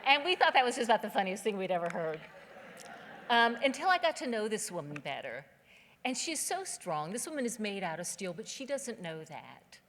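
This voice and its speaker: A woman's voice: mid-range voice, big pitch swings, moderate pace, a bit bright. A woman from southern West Virginia, giving a keynote speech as a humorous, conversational storyteller on a theater stage. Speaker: keynote speaker. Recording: long hall reverb.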